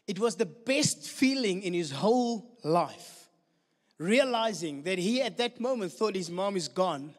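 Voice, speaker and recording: Male pastor, high voice, storytelling sermon in a long-reverb hall. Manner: storytelling, lively and animated with laughter.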